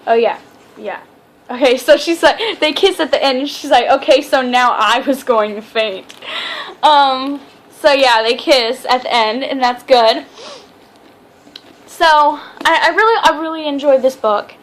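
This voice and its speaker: A woman's voice: high-pitched, unhurried. A young woman reviewing a book in a casual vlog, chatty and rambling, often stumbling over her words. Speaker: book vlogger.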